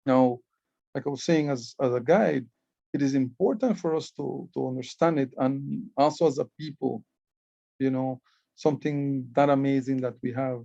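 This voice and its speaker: A man's voice: medium pitch, moderate pace, creaky, dark tone, dry recording, muffled recording. Earnest Belizean man explaining glyphs. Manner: earnest, repeats words while explaining. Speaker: Maya writing club educator and guide. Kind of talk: presentation explaining hieroglyphs.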